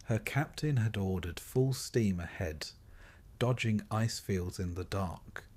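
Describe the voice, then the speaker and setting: Male narrator, slightly low voice, steady soothing delivery for a sleep story. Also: slow. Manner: calm, even second-person storytelling.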